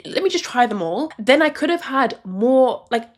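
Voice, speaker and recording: A woman's voice: high-pitched, animated, moderate pace. A young woman from the UK giving casual advice to camera, chatty and reflective, leaning on "like" as a filler. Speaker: vlogger. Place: a room at home, in dim lighting.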